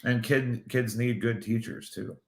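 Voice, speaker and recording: A man co-hosting a casual livestream talk show, dry and deadpan, speaking haltingly with restarts. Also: medium pitch, creaky, roomy sound.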